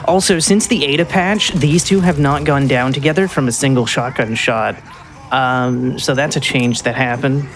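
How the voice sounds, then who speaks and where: A speedrunner talks through a live run in a casual, rambling way, stopping and restarting with plenty of ums. The pitch sits in an ordinary middle range, with a faint hum of noise behind. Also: steady tone, normal speed. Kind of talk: live gameplay commentary.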